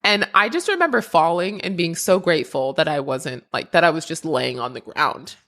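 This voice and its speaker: A woman's voice: low-pitched, lively intonation, moderate pace, a bit bright. Podcast host lady telling her own story, emotional, laughs a lot, restarts sentences. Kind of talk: casual personal storytelling.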